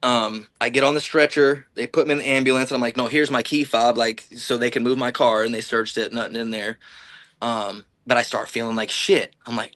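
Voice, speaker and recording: This podcast guest from the Illinois-Iowa border talks briskly in a medium-pitched, fairly bright voice with no echo. His long personal story is casual, crude and meandering, with dialogue acted out.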